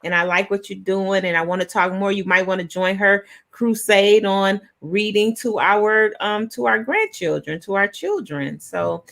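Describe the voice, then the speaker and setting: A woman hosting a talk show on a video call, raspy as she loses her voice, playful and effusive. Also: mid-range voice, a little slow, hardly any pauses, fairly bright tone. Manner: effusive, playful, laughs often. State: losing her voice. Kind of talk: casual chat.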